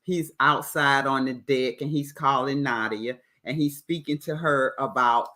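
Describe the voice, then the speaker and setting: A woman hosting a casual livestream recap of a reality show, chatty and animated as she retells scenes. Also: extremely low pitch, unhurried. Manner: chatty, animated retelling with playful quoted voices. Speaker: host.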